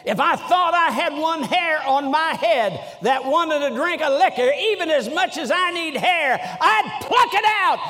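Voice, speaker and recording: A man voices an elderly Southern preacher in full fire, his high voice hammering out every word. The sound rolls around a large reverberant church. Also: animated, sharp tone, full character voice. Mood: thundering. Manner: thundering, drawn-out emphatic words. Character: aged fiery male Southern preacher. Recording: echoey church hall.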